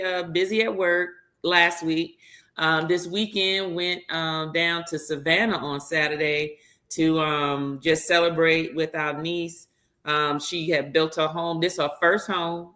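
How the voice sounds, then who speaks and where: Female co-host, lowish bright voice, chatty and relaxed. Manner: relaxed and chatty, greeting viewers with fillers. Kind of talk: casual live-stream chat.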